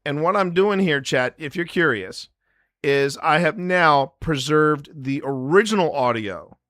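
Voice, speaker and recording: A man's voice: on the high side, animated, measured pace, fairly bright tone, no room sound. Guy hosting a live stream, jokey and rambling, talks to chat, dry close sound. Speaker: paranormal investigator and live stream host.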